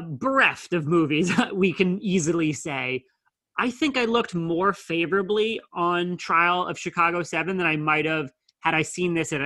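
A man with a bright, clear voice talks through a film review in a measured, analytical way, slipping in wry asides. The sound is dry and close, with no room around it. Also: fairly high pitch, no echo. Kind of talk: casual film review chat.

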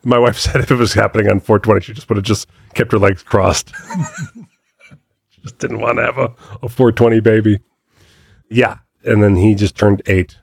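A man's voice: fairly low pitch, steady tone, normal speed, vocal fry, husky. A man in his forties telling stories in casual podcast chat, laughing often. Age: 40s. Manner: chatty storyteller, laughs often. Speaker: podcast co-host.

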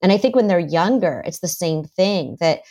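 This is a woman therapist talking as a guest in an interview, with a slightly low voice. She is animated and slips into quoted lines as she gives examples. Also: normal speed. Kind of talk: conversational interview.

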